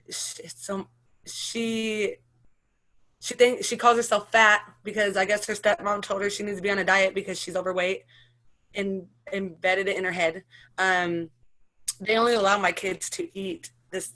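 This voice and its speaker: A woman in her thirties giving an emotional personal account as an interviewee, talking in halting, run-on sentences full of restarts. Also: mid-range voice, bright, forceful tone. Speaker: interviewee, mother sharing her story.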